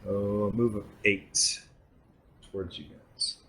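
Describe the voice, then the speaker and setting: A man's voice: lowish voice, steady tone, slow pace, fairly bright tone. A man acting as game master, narrating a tabletop combat and thinking aloud between rulings.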